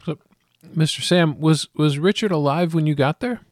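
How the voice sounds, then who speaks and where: A man's voice: a little high, moderate pace, a little mellow, dry recording, studio quality, lightly acted. A man playing a skeptical male interrogator who asks probing questions. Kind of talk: improvised tabletop role-play.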